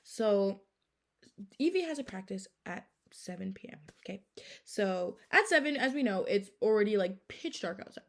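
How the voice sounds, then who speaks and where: Casting: casual woman storyteller, mid-range voice, very lively pitch, chatty with lots of filler. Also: normal speed. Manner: chatty, heavy use of "like" and "okay?".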